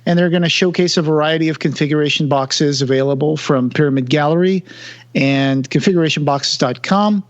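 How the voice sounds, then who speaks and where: A man's voice: on the high side, fairly quick, highs cut off. A man co-hosting a podcast in casual chat, talkative and self-deprecating, full of fillers and restarts. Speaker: podcast co-host.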